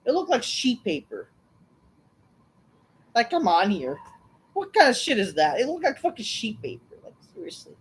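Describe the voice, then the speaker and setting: A woman's voice: a little high, wildly swooping pitch, normal speed, pauses often, slight background noise, rough recording. A woman hosting a wrestling review, ranting through a recap in a sarcastic, dismissive way with constant swearing. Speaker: wrestling show reviewer, channel host.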